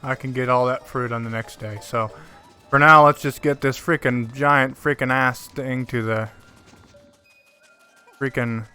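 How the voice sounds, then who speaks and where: A man casually commenting on his gameplay during a livestream. He is excitable, swears freely and is often sarcastic. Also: medium pitch, measured pace, long pauses, clean tone, faint music behind. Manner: excitable, whoops and yells at wins. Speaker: gaming livestreamer.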